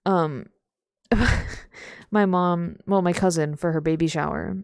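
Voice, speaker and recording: A woman's voice: lowish voice, fairly even intonation, a little slow, a little mellow, clean tone, dry recording. A young adult woman streaming a game from home, rambling and swearing casually and laughing often as she chats to viewers. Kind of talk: casual gaming stream chat.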